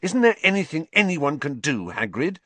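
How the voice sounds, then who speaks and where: A man voicing an earnest teenage schoolboy who speaks urgently and in a hushed way. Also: on the high side, expressive, moderate pace, no echo, pitched above the performer's own voice.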